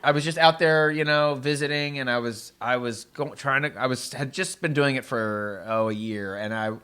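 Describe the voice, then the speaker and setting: Male comedian guest, casual animated storyteller, rambling delivery. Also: mid-range voice, moderate pace, clear, resonant tone. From Los Angeles. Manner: rambling, animated, acts out quotes.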